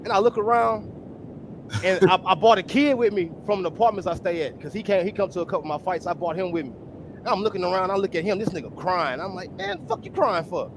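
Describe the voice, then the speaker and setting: High-voiced man from the Houston area. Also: fast talker, noisy background. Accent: Texan, Houston area. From Texas. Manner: animated, acts out voices in stories, profane. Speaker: amateur boxer, panel guest. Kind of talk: casual panel chat, storytelling.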